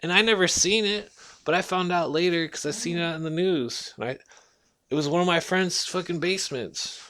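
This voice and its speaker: Profane, heated man ranting, slightly high voice. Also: moderate pace, pushed and bright. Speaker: vlogger. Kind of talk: casual rant monologue.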